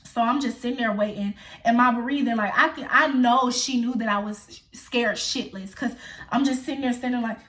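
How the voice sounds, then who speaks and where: A young woman chats straight to her viewers in a casual storytime, swearing freely and calling them y'all. Her voice sits a little high and she tells the tale with lively, animated energy. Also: normal speed. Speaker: vlogger.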